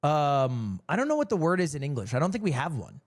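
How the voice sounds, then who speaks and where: A man's voice: fairly high pitch, huge pitch swings, quick pace. A young man chatting casually on his stream, rambling and self-mocking, laughing often. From United States.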